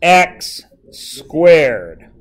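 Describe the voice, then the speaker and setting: High-voiced, unhurried male math teacher. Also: big pitch swings, crowd noise. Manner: playful, quizzing students. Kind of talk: classroom lesson. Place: classroom.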